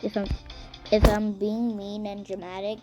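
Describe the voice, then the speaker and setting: A young woman commenting on her own gameplay, dramatic and mock-angry with quick outbursts. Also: mid-range voice, flat delivery, lo-fi sound. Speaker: gaming vlogger. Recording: game music behind voice.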